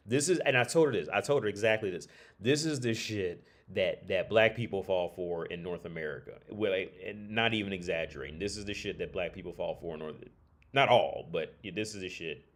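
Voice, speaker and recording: A man with a fairly low voice whose pitch swings widely as he rants on a casual stream. He rambles and restarts often, and talks bluntly with plenty of profanity. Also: fairly bright tone. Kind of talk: casual livestream rant.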